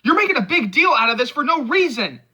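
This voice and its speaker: A man doing a young male friend, yelling and scolding, high voice, bright edge, wide swings in pitch. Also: big pitch swings, quick pace, husky, exaggerated voice. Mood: exasperated.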